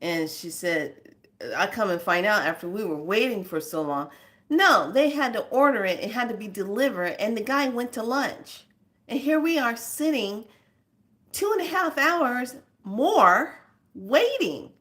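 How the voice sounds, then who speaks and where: A woman chats casually on her own spiritual vlog, telling exasperated stories and laughing a lot. Her fairly high voice is expressive and unhurried, with a fairly bright tone.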